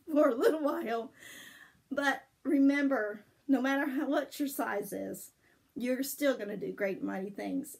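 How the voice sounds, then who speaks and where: An older woman with a husky voice, gently telling a story and devotional to her grandchildren. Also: a little high, poor audio. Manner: gentle, affectionate, sings softly. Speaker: storyteller for children.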